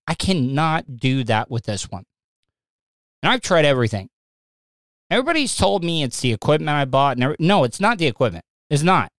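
A man's voice: fairly high pitch, a bit bright, no room sound. A man hosting his own live stream, talking casually and rambling, with stammering restarts and flashes of agitation. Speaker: live stream podcast host. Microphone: streaming setup mic.

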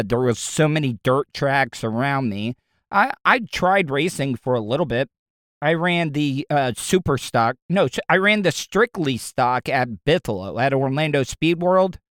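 A man's voice: medium pitch, fairly bright tone, clear, resonant tone, no room sound, studio quality. A middle-aged man from Florida, a radio host, ranting casually and profanely, often stumbling and repeating words. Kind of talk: casual solo rant.

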